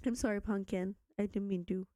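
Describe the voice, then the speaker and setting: Chatting with viewers during a gaming live stream, this young Canadian streamer is bubbly and self-teasing. She has a medium-pitched, steady, warm voice and talks fairly quickly, recorded at studio quality with no room sound.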